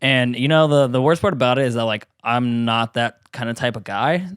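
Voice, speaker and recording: A man's voice: medium pitch, moderate pace, a bit bright, clean tone, dry recording. Laid-back rambling man, band lyricist, says "dude" a lot, dry close sound. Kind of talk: casual podcast interview.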